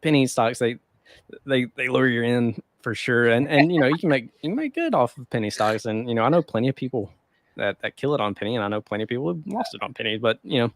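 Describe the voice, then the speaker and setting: A man's voice: medium pitch, animated, fast talker. A man co-hosting a casual podcast, rambling loosely with lots of fillers and frequent chuckles. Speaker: podcast co-host. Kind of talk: casual chat about the stock market.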